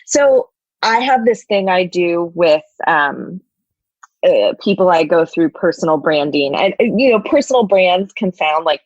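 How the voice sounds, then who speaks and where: A woman's voice: on the low side, unhurried, no echo, lo-fi sound. Chatty woman guest, lots of "like". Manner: animated, heavy "like" and "you know" fillers. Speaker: podcast guest, people and culture officer. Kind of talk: casual interview talk.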